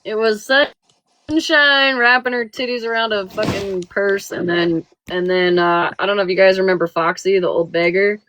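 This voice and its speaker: A woman's voice: medium pitch, steady tone, a bit bright, a little hiss or hum. A woman hosting a live stream, chatting casually and rambling with lots of swearing. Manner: profane, rambling, quick to laugh.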